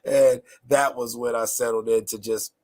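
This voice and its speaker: A man from North Carolina with a raspy, nasal voice, chatting casually as a podcast host in a laid-back, rambling, slangy way. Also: mid-range voice, fairly even intonation, normal speed, darkish tone. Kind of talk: casual chat.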